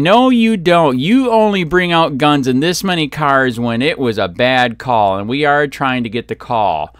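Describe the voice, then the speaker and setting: Furious ranting man, lively pitch. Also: moderate pace, hardly any pauses, smooth, dry recording. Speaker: copwatch vlogger. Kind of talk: angry ranting commentary.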